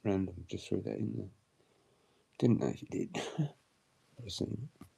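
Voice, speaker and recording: Aussie guy rambling on his livestream, gravelly low voice, slow, laughs a lot, swears heaps. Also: warm tone. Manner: laughing, crude, slangy, puts on mock voices for quotes. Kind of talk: rambling casual livestream chat.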